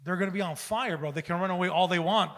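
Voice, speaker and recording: A man guesting on a comedy podcast, telling a bit in a profane, animated way. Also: high voice, fast talker. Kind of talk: casual comedy podcast banter.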